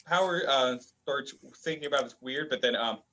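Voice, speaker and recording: A young man co-hosting a casual review chat, rambling and halting with lots of fillers. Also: medium pitch, bright, forceful tone, low-quality recording. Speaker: manga review co-host.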